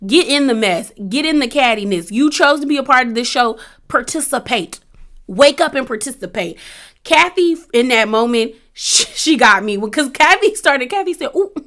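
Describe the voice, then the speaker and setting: A woman's voice: high-pitched, normal speed. A woman giving a sassy, casual recap of a reality show, acting out what the cast said. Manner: animated, sassy, acts out quotes.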